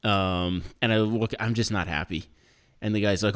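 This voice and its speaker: A man's voice: fairly low pitch, a little fast. A man co-hosting a podcast, telling a story in casual chat, acting out what other people said, swearing and laughing often. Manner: animated, acts out other people's lines while telling a story. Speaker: podcast co-host.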